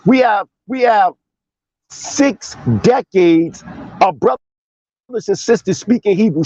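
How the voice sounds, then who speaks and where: A man's voice: sits high, mellow, breathy edge, no echo, lo-fi sound. A man making his case in a heated online debate, confrontational and emphatic, with frequent swearing.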